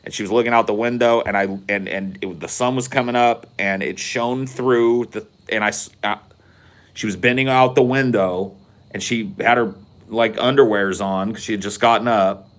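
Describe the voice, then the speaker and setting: A man's voice: on the low side, fairly even intonation, normal speed. Profane rambling man telling a story. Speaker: podcast host. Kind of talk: casual storytelling chat.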